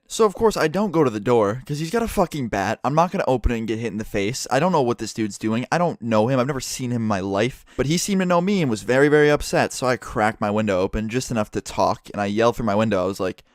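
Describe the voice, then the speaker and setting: A young man casually telling a story to his channel, full of swearing and animated retelling. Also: medium pitch, quick pace, few pauses, no room sound, studio quality. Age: young adult.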